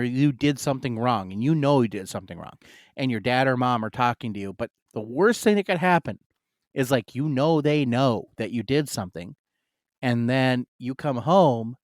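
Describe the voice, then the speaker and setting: A man's voice: medium pitch, no echo, clean studio sound. A man in casual podcast chat, telling a long personal story with many fillers and asides. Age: adult, married. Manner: rambling and storytelling, full of "like" fillers.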